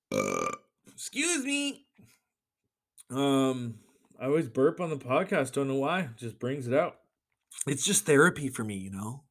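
A young man hosting a solo podcast, ranting with swearing and sudden shouted bursts. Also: mid-range voice. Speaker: podcast host.

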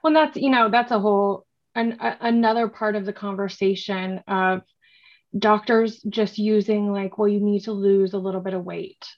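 A woman's voice: medium pitch, fairly even intonation, moderate pace, dull audio. A woman in casual conversation, reacting to a story and adding her own view. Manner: reactive listener, short interjections.

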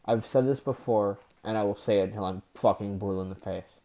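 A man hosting his own podcast, venting in an irritated, deliberately lowered voice with sighs, profanity and halting restarts. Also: warm tone. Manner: low, deliberately slow annoyed voice with sighs and profanity; halting restarts between outbursts. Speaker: podcast host. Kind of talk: annoyed solo podcast rant.

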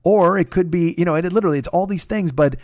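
Guy podcast host, kinda high pitched, cursing a lot, rambly confessional storytelling. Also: fast, darkish tone, dry recording, clean studio sound. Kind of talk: casual monologue storytelling.

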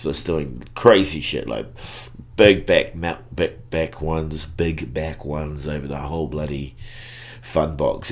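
A man in his forties with a New Zealand accent, telling stories in a laid-back, sweary podcast chat. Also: extremely low pitch. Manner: laid-back, swears freely, lots of fillers. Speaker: guest musician. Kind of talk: casual storytelling chat.

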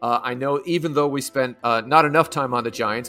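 A man hosting a podcast in casual chat, talking in a quick, friendly way. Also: medium pitch, pushed and bright, soft background music. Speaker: podcast host.

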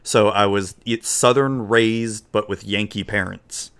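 Low-voiced man co-hosting a podcast. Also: measured pace, clean tone. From Florida, US. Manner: relaxed, joking, rambling. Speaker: podcast co-host. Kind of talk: casual chat.

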